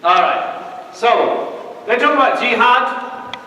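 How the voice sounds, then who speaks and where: A man, an imam, giving a lively public talk and speaking straight to his live audience. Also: very high voice, slow pace. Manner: animated, addresses the audience directly. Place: large hall. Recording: echoey hall, mic from far off.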